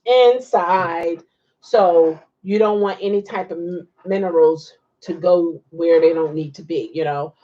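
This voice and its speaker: A woman's voice: fairly low pitch, steady tone, moderate pace, hardly any pauses, muffled recording. A woman hosting a casual livestream, chatting and reacting to viewer comments with frequent laughs. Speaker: livestream host.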